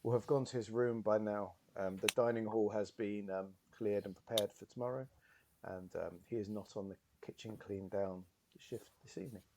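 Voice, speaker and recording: A man's voice: lowish voice, steady tone, normal speed, warm tone, a little hiss or hum, close to an everyday voice. A man voicing a tired female hotel receptionist who speaks formally and deferentially. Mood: dutiful. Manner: formal, deferential, says sir.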